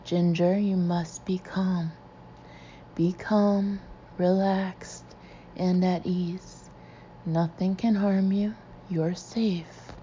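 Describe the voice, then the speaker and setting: A stern, insistent male hypnotist, as a woman narrator voices him, coaxing and then commanding in a low, mellow tone. The audiobook recording is dull and lo-fi, with a faint hiss. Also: fairly even intonation, drawn-out words. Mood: soothing. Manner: soothing then stern and demanding.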